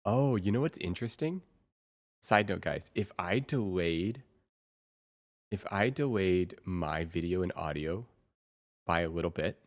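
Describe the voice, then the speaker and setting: A young adult woman livestreaming in casual chat, excitable and quick to repeat herself in bursts. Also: very deep voice.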